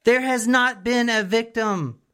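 A woman co-hosting a podcast, telling a true crime story in an animated, suspense-building way. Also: a little high, unhurried. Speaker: podcast co-host. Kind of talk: casual true crime chat.

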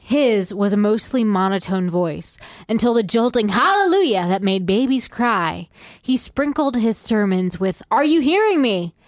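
A woman co-hosting a podcast, reading a passage aloud in an even narrating tone. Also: medium pitch, unhurried, no echo, clean studio sound. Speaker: podcast co-host. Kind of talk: casual chat and reading aloud.

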